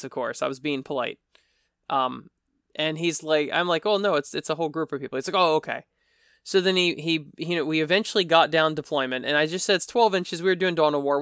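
A man's voice: on the high side, fairly bright tone, clear, resonant tone, no room sound, studio quality. A man hosting a casual solo podcast, telling a story in a chatty, rambling, wry way. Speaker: podcast host.

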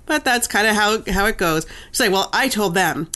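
A woman's voice: medium pitch, normal speed. A woman in her thirties co-hosting a podcast, telling family stories in a casual chat and acting out her children's voices. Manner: animated storyteller, acts out her kids' voices. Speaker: podcast co-host.

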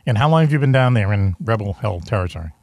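A man's voice: on the low side, animated, fast talker, a little mellow, dry recording, studio quality. A man with a Boston accent hosting a casual video-call chat show, rambling and self-deprecating with lots of fillers. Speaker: host.

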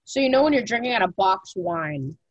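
A woman's voice: medium pitch, expressive, fairly quick, no room sound, lo-fi sound. A young woman co-hosting a podcast in casual chat, talking loosely with lots of "like" fillers and casual swearing. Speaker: podcast co-host.

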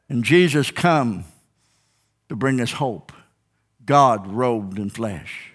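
A man preaching a sermon as a pastor in church, fervent and folksy, with call-and-response "Amen?" and sudden shouts. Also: mid-range voice, takes it slowly. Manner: old-fashioned, down-home speech.

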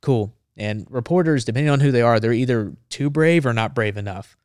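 Smooth-voiced man telling a war story. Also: mid-range voice, brisk, no room sound, studio quality. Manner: animated storyteller, acts out dialogue. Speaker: podcast guest.

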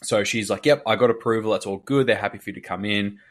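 A man's voice: fairly low pitch, fast talker. A man, a fitness coach, chatting casually on a podcast and telling a long story full of filler words while acting out what other people said. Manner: rambling storyteller, heavy filler words, acts out quoted people.

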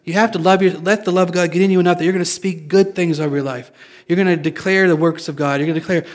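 A man's voice: high voice, fairly even intonation, fast talker. A man preaching a sermon in a casual, confessional way, joking with his listeners. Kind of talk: conversational sermon.

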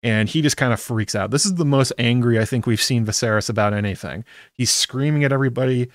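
A man's voice: medium pitch, fast, no echo, clean studio sound. A man chatting wryly through a casual episode recap, dropping the odd swear word. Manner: chatty, wry, drops occasional swear words.

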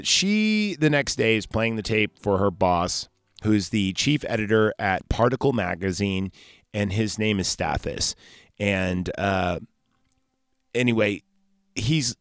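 A man's voice: on the low side, animated, takes it slowly, smooth, no echo, studio quality. A man hosting a casual solo podcast, recapping a film in a loose, rambling way and correcting himself as he goes. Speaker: podcast host.

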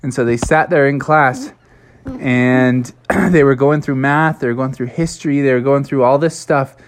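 A woman telling an improvised children's story to a child, playful and animated. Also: rumbling low, moderate pace.

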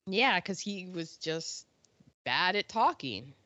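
A woman's voice: lowish voice, very animated, slow pace, sharp tone, no room sound, lo-fi sound. A woman co-hosting a podcast, chatting casually and laughing often as she trails into asides. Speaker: podcast co-host. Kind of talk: casual chat about old films.

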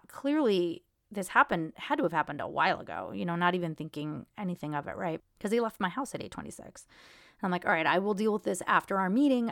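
A woman in her thirties hosts a podcast, retelling an upsetting personal story in a rambling, emotional way. Her voice sits on the low side, and the recording is dry and close with no room sound. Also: no echo. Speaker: podcast host.

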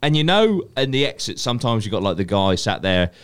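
A man's voice: fairly low pitch, very animated, brisk, fairly bright tone, smooth. A man hosting a podcast, bantering casually, swearing and laughing often with his friends. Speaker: podcast host. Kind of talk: casual chat.

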